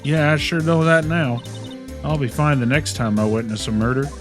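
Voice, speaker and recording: A man's voice: mid-range voice, normal speed, over music, lightly acted. A man voicing a brash young Southern woman photographer with a put-on drawl, folksy and fond of bargaining. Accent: American Southern, put on.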